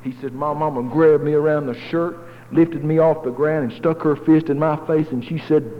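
Folksy preacher in an echoey hall. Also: male voice, a little high, steady tone, normal speed, few pauses. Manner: folksy storytelling, dramatic swings from loud to hushed. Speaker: pastor. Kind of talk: sermon storytelling. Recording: tinny phone-like echoey hall, faint noise.

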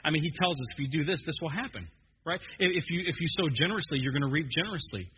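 A man preaching a joking, animated sermon as a pastor, stumbling and restarting often. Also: on the high side, very fast, slight background noise. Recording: dull muffled sermon recording in a long-echo hall.

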